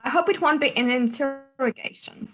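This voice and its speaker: A woman's voice: high-pitched, normal speed, fairly bright tone. A woman guest on a video call chatting before a webinar, hesitant and a little apologetic. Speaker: guest speaker. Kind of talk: casual pre-webinar chat. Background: rain.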